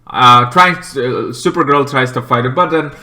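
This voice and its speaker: At a normal speed, a man casually reviews TV episodes by himself, filling his rambling with fillers. Every so often he breaks into shrill, shouted impressions of the characters.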